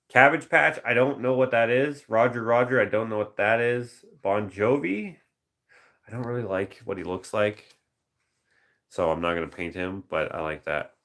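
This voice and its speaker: A man chatting casually to a live-stream audience, his voice sitting very low with a gravelly fry. He muses aloud over viewer suggestions and now and then slips into quick movie-quote voices. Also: fairly bright tone. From Canada. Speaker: painter reading viewer suggestions.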